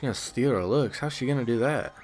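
A man's voice: medium pitch, quick pace, a little mellow, faint music behind. A man giving casual, crude, joking let's-play commentary while playing a video game, teasing the characters and mocking his own skill. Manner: joking, crude and self-deprecating.

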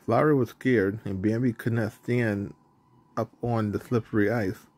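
A man reading a children's storybook aloud in a plain, even narrating manner, with the odd stumble. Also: lowish voice, measured pace, breathy edge.

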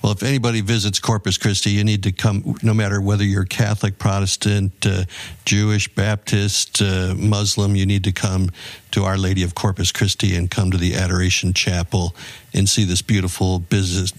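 Low-voiced podcast host, dry sound. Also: male voice, little pitch movement, normal speed, dry recording. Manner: enthusiastic, hesitant with fillers. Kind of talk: interviewing a guest.

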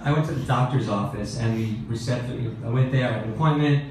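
A middle-aged man doing open-mic stand-up comedy with a deadpan, exasperated observational delivery. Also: medium pitch, fast talker, background noise. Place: comedy club stage. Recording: echoey club recording from a distance. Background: audience laughter.

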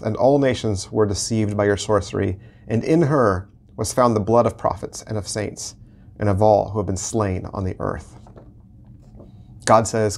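A man with a gravelly, creaky voice, leading an online Bible study as pastor. He reads scripture in a slow, deliberate way, then talks it through casually, repeating phrases as he goes. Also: on the low side, a little mellow. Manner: reads scripture slowly, then explains in a conversational, repetitive way.

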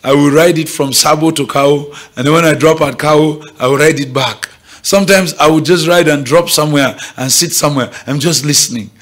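A man's voice: on the high side, a little fast. A man with a Nigerian accent preaching at a morning prayer meeting, emphatic and often asking the congregation if they are following. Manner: bright, emphatic, keeps checking the audience is following. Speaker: pastor. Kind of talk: sermon. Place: church gathering.

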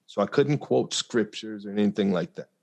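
A man speaking as a podcast guest, telling a personal story in an earnest, reflective way with frequent pauses and fillers. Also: fairly low pitch, vocal fry, a little mellow. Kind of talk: conversational storytelling.

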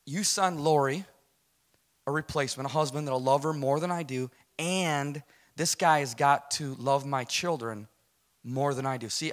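A man's voice: mid-range voice, a bit bright. A middle-aged American man giving an emotional personal testimony, storytelling and acting out the dialogue, often checking in with "right?". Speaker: guest speaker giving testimony.

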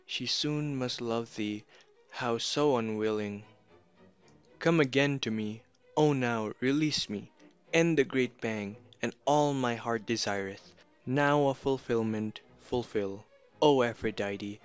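A man reciting an old poem in a solemn, measured way, on a dull lo-fi recording. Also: mid-range voice, clear, resonant tone. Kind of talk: slow poetry reading.

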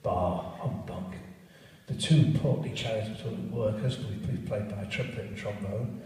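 A man's voice: fairly low pitch, fairly even intonation, moderate pace, darkish tone, distant mic. Man narrating, echoing in a church. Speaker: narrator and musician. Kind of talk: storytelling with jazz band. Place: church, live performance. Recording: echoey church from afar.

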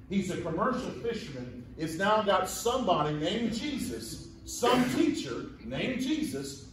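A man preaches a folksy sermon in a high, bright register. He is picked up by a mic some distance away in an echoey church sanctuary, with a faint hiss of room noise behind him. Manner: folksy storytelling, acting out voices in quotes. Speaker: pastor.

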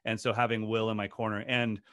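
A man's voice: on the low side, flat delivery, fast, a bit bright, no room sound, clean studio sound. A man who is a drum teacher, telling stories in a casual podcast interview in an earnest, passionate way with many restarts. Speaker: guest drum educator.

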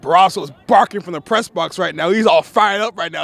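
A man doing play-by-play commentary for a local soccer game, excitable and chatty, shouting on big plays. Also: high voice, fairly quick, gravelly, hardly any pauses. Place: press box at an outdoor soccer game.

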